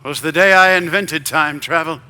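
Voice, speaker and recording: An actor playing an eccentric, excitable older male scientist in a stage musical, with a grand, theatrical delivery. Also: on the high side, moderate pace, crowd noise, close to an everyday voice. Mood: grandiose.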